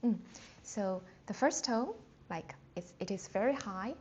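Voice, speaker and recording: A native-speaking Mandarin teacher runs a live online beginner lesson, slowly sounding out Chinese words with exaggerated tones. Her medium-pitched, slightly mellow voice has lively intonation, and she's chatty and loose, full of fillers and self-restarts. The stream audio is dull and lo-fi with faint background noise.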